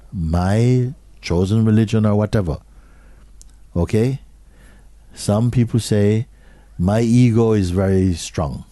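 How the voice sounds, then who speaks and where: A man giving a slow, measured satsang talk as a spiritual teacher, often dropping to soft, hushed phrases. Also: on the low side, dry recording.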